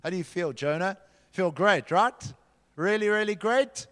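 A man with a high-pitched, fairly bright voice speaks unhurriedly as he guides a children's church group through a dramatic Bible story, telling them how to act it out. The long reverb reveals the large hall they're in.

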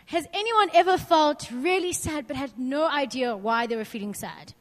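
A young woman with a high, bright-pitched voice talks to a group about faith in a chatty, candid way. She keeps asking the room questions and draws on her own stories. Her voice rings out with a long reverb, as if in a large hall. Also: normal speed, hardly any pauses. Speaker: youth speaker. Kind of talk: informal faith talk to a group.

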